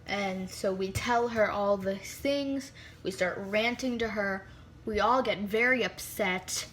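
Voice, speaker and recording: Speaking slowly in a slightly bright, mid-range voice, a teen girl tells a storytime vlog through a phone mic with a little hiss or hum. It's casual chatter full of "like," plus dramatic asides whispered to the viewer.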